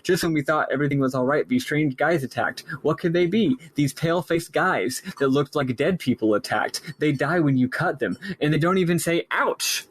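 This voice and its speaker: A man's voice: fairly high pitch, moderate pace, hardly any pauses, breathy edge, poor audio. A man voicing a young male bandit, the youngest brother, who talks in a scattered, forgetful, earnest way.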